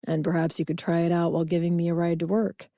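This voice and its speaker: Woman reading a rich confident man, teasing, self-assured, mellow low tone, dry close sound. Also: level tone, quick pace, creaky, no room sound. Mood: affectionate.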